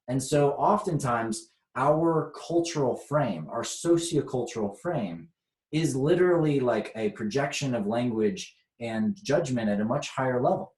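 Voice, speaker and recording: A man's voice: mid-range voice, darkish tone, reverberant. An American man leading a spiritual workshop talk, reflective and chuckling often as he teaches.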